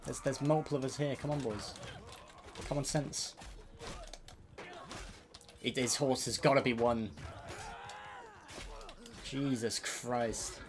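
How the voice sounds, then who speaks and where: A man streaming a competitive match, shouting quick, repetitive orders to his team and swearing often. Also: mid-range voice, steady tone. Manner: urgent, repetitive callouts, swearing. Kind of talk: live gaming comms, giving orders.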